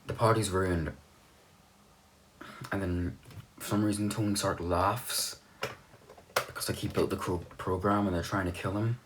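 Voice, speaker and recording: Young man, very low voice, casual movie recap, rambling and offhand, light background hum. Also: fairly even intonation, measured pace, pauses often. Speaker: movie reviewer.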